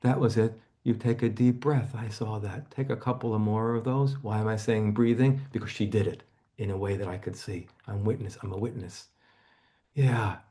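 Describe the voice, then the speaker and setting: A man teaching a seminar, gently guiding a volunteer through a body-focused therapy exercise over a video call, often dropping to a hush. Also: on the low side, fairly even intonation, moderate pace.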